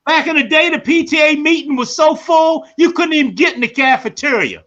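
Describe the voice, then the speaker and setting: A man hosting a live podcast, telling stories in an animated way that climbs into emphatic shouts. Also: extremely high pitch, a little fast, muffled recording. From Baltimore. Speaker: podcast host. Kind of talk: live storytelling monologue.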